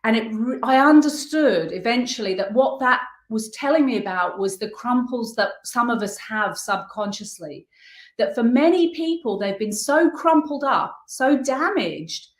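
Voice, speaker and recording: A woman's voice: a little high, lively intonation. Earnest woman in an echoey room. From United Kingdom. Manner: earnest, reflective, halting as she searches for words. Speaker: guest artist. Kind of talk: personal storytelling interview.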